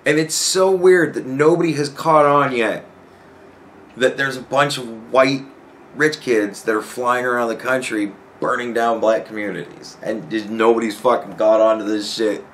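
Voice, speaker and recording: A man hosts a casual podcast with a voice of ordinary, mid-range pitch. He tells his story as a swearing, animated rant and breaks into laughter often. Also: moderate pace, slight background noise. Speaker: podcast host.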